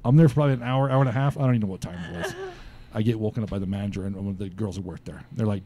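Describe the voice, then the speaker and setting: A man's voice: on the low side, very fast, mellow. A man guesting on a podcast, casually telling a story with lots of swearing and laughs. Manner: laid-back, swears often, laughs while telling.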